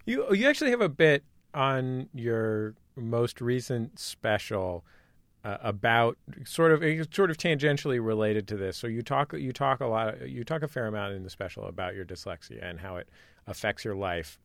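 Male host, mid-range voice, dry and close, halting and searching questions. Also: medium pitch, animated, creaky, fairly bright tone, no room sound. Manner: hesitant, searching phrasing with many fillers. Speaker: radio show host. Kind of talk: interview questions.

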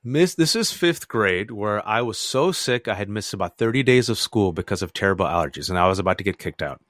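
Animated storytelling man, dry close sound. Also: fairly quick, dry recording. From United States. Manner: lively, acts out family voices with big jumps in pitch. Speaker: guest author.

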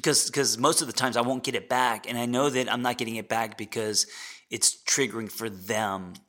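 A man in his forties, a podcast host and therapist, sharing a candid personal story in a reflective, halting way with many fillers and restarts. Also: mid-range voice, steady tone, bright, forceful tone. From United States.

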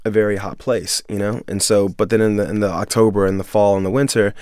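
Male film director from Miami, relaxed and earnest, lower voice, dry and close. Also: fast, smooth, dry recording. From Miami, USA. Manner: laid-back, earnest, lots of "you know" and "bruh". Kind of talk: interview, personal storytelling.

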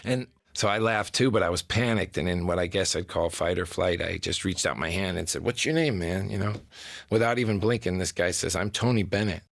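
A man's voice: low voice, fairly quick, gravelly, a bit bright, no room sound. A man telling a comic story in a dry, wry, self-deprecating way.

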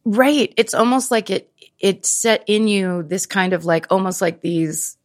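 Woman in her 50s on a podcast, storytelling fast and animated, very dry sound. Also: mid-range voice, no echo. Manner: animated storyteller, quick bursts. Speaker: podcast guest. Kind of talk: casual chat.

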